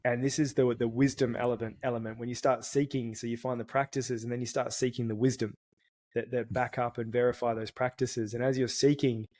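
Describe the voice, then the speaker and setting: Earnest man with a flat, even voice. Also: mid-range voice, brisk. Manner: earnest, restarts words often. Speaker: podcast guest. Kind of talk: casual reflective storytelling.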